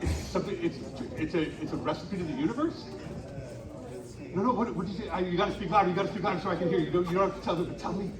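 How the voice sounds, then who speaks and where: A high-pitched man runs a lively storytelling show, calling out to the audience and egging them on to shout. He is heard from a distance in an echoey space. A crowd chatters around him. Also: racing. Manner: animated, coaxing the crowd into shouting. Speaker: live children's storytelling performer. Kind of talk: interactive live show hosting. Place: outdoor winter carnival stage. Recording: echoey, distant live stage recording with crowd. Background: audience noise.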